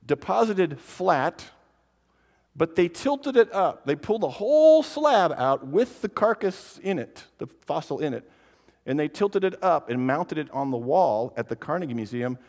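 Animated man speaking in a reverberant hall. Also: on the high side. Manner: animated, playful, addresses kids directly. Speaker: creationist speaker. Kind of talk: lively conference talk to families.

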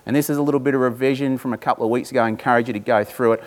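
This sermon features a man of medium pitch and steady tone, who reads scripture in a slow, deliberate manner. He periodically breaks off to address the congregation with informal asides.

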